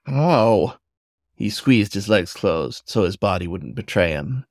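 Low-voiced man reading a story. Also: animated, normal speed, dry recording, clean studio sound. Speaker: narrator.

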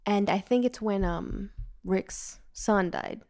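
A woman's voice: mid-range voice, slow, dark tone. A young woman in casual chat, playful and teasing as she argues her point.

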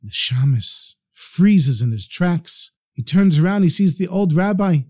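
A man telling a story aloud in a lively, animated way. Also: high-pitched, measured pace. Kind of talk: oral storytelling.

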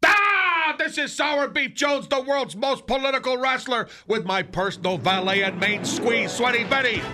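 A man voicing a boastful male pro wrestler who shouts and swaggers in a radio comedy sketch. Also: extremely high pitch, normal speed, loud music behind the voice. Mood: swaggering. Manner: loud, swaggering announcer-style boasting.

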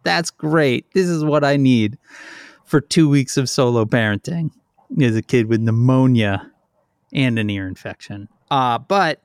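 Middle-aged male podcast co-host, rambling self-deprecating storyteller, winded, mid-pitch, dry close sound. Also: a little slow, smooth, no echo. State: out of breath. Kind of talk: casual chat.

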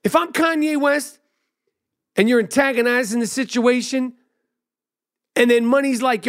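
A middle-aged man hosting a podcast, ranting loudly and profanely. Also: very high voice, moderate pace. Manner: loud, profane, animated ranting. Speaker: podcast host. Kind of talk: profane rant monologue.

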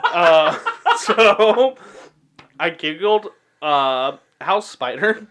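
A young man in his twenties co-hosting a podcast with a swinging, animated delivery. He talks casually and crudely, swears freely, and keeps breaking into laughter at his own jokes. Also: high voice, very slow, background noise. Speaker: podcast co-host.

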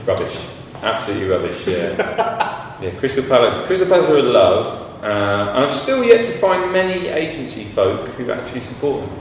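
A man's voice: medium pitch, very animated, normal speed. A man talking as a podcast guest in casual conversation, telling anecdotes and swearing freely. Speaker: podcast guest, graphic designer. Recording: echoey room, distant mic, faint noise.

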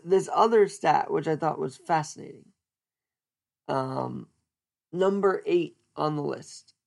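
A man's voice: a little high, creaky. A man hosting a podcast, chatting casually and joking as he thinks aloud, often restarting his words. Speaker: podcast host. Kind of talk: casual solo podcast chat.

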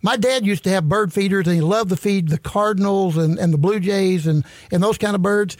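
High-voiced folksy man spinning a yarn. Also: brisk, no room sound. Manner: folksy, chuckling anecdotes. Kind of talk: casual storytelling.

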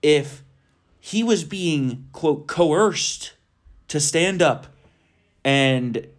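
A young man co-hosts a political talk podcast. He sounds emphatic and indignant, with a voice a bit higher than most men's. He talks in a loose, chatty way. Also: lively intonation, very slow. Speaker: podcast co-host.

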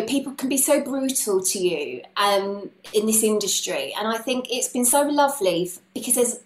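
A woman guest on a podcast, talking in an earnest, heartfelt way in casual conversation. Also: medium pitch. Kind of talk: casual chat. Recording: roomy echo with faint noise.

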